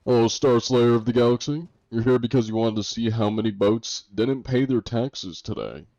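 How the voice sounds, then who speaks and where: A man's voice: mid-range voice, normal speed, mellow, no echo. A young American man streaming a game, reading chat aloud and answering it with jokes. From United States. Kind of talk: casual livestream chat. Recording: dull lo-fi stream audio.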